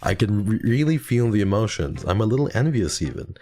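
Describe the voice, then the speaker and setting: A man voicing a shy, bookish teenage girl while reading a visual novel aloud, speaking in a hesitant, gentle, self-doubting way. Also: fairly low pitch, animated, a little fast, soft background music, pitched above the performer's own voice, natural voice. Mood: admiring.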